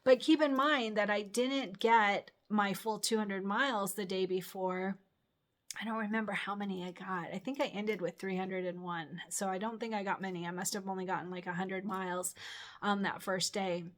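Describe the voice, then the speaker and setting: A woman's voice: mid-range voice, fairly even intonation, moderate pace. A middle-aged woman hosting her own channel, telling a personal story in a rambling, chatty way with many fillers and restarts. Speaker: channel host. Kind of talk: casual storytelling.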